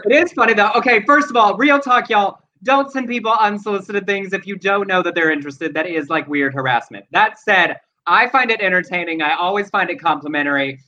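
A man's voice: high-pitched, brisk, hardly any pauses, bright, forceful tone. A man co-hosting a casual podcast, chatty and joking with lots of filler words. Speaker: podcast co-host. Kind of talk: casual chat. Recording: dull lo-fi sound.

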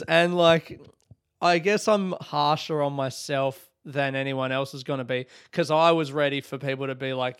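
A man's voice: on the high side, fairly even intonation, unhurried, a bit bright, clear, resonant tone, no echo, studio quality. A young Australian man hosting his own podcast, chatting casually, swearing and joking sarcastically, with frequent laughs. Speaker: podcast host. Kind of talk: casual solo podcast chat. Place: home room.

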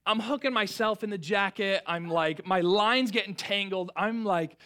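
Man, pastor, young adult, high voice, bright tone, animated self-mocking storyteller, sermon. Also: a little slow, hardly any pauses.

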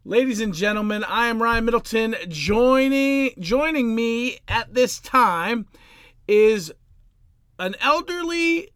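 A man's voice: extremely high pitch, slow, smooth, dry recording. A man hosting a podcast, hyping the intro and then chatting casually with his co-host. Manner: energetic announcer-style intro, then relaxed.

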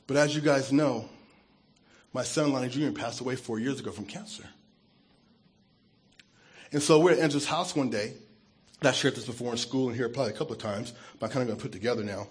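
A man who is a pastor, giving an earnest and emotional testimony sermon, his voice dropping soft when he is moved. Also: medium pitch, fast, pauses often, husky.

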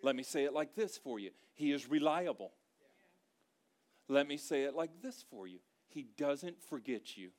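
A man's voice: fairly high pitch, animated, normal speed. A man preaching a sermon to a congregation in a church, with a conversational style and emphatic repeated phrases. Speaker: pastor.

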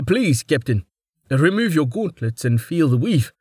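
A man's voice: on the high side, moderate pace, a little mellow, no echo, studio quality, voice pushed up, lightly acted. A man voicing an anxious, humble male weaver who speaks formally and deferentially.

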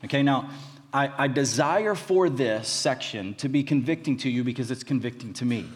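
A man's voice: medium pitch, normal speed. A man, a college pastor, giving a conversational sermon full of fillers and restarts. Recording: reverberant hall.

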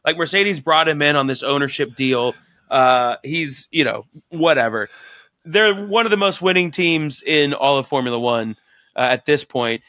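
A man co-hosting a podcast in casual chat, excitable and profane, rambling with lots of fillers. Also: on the high side, moderate pace, no room sound. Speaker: podcast co-host.

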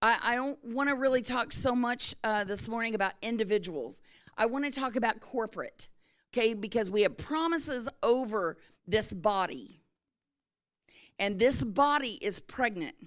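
A woman's voice: on the high side, lively intonation, normal speed, fairly bright tone. Woman pastor preaching a conversational sermon. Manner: conversational storytelling with frequent check-ins to the congregation.

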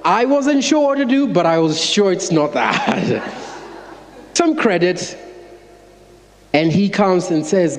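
A man, an associate pastor, preaching by telling an animated, self-mocking story to his congregation. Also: sits high, slow, long pauses. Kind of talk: sermon storytelling. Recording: long church-hall reverb.

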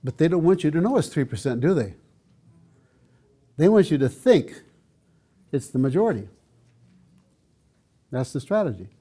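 Earnest older pastor with a warm, mellow voice. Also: male voice, a little high, very animated, normal speed, pauses often, slightly rough. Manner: earnest, emphatic, with asides to the audience. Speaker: pastor and seminar teacher. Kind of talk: teaching talk to a church audience.

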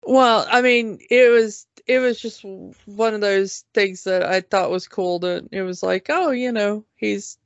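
A woman co-hosting a podcast, talking casually in a slow, halting way with many fillers. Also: medium pitch, fairly even intonation, dry recording, highs cut off. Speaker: podcast co-host. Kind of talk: casual chat.

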